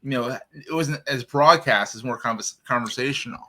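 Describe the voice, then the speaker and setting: Male host, bright and forceful tone, eager casual interviewer, mid pitch. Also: moderate pace. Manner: enthusiastic, frequent short affirmations.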